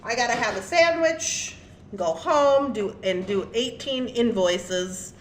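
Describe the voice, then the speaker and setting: A woman with a fairly high, slow voice hosts her craft and jewelry channel, telling viewers a blunt story in a casual, animated way and laughing often. She's in an echoey room with faint ambience, and there's a slight hiss or hum.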